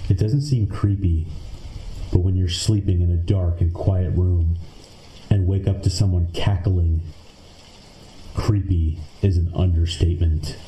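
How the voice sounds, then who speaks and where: A man reading a numbered list of creepy stories aloud in a slow, measured, deadpan manner. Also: deep voice. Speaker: narrator. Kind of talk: scripted narration of creepy stories. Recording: echoey room with faint noise.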